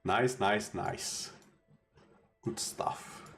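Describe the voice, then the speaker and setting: A man's voice: lowish voice, fairly even intonation, very slow, a bit bright, a little hiss or hum. A man streaming a game, giving casual, rambling commentary with jokey asides to his chat.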